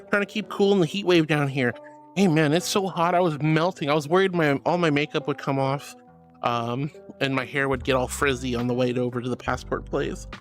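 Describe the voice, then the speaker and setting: A woman streaming casually, reading chat messages aloud in a bubbly, affectionate way. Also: on the low side.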